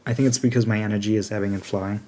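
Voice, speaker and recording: A man with a lowish voice talks through his plans in a loose, rambling way, pausing on "um" and "like" while he works out his answers. He speaks as a game alliance leader in relaxed, unscripted chat. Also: slight background noise. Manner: rambling, thinks aloud with many fillers. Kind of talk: casual chat answering questions.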